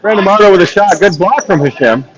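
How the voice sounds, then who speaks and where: A man's voice: high voice, expressive, fast talker, muffled recording, a crowd in the background. Chatty man calling a hockey game. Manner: chatty, self-mocking, laughs often. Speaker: play-by-play commentator. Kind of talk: live sports commentary. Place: on a ladder beside a hockey rink.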